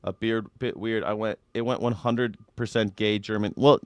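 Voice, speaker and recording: A man's voice: on the low side, steady tone, moderate pace, few pauses, clear, resonant tone, dry recording, clean studio sound. A man hosting a live news reaction show, ranting in an irreverent, mocking way. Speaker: host.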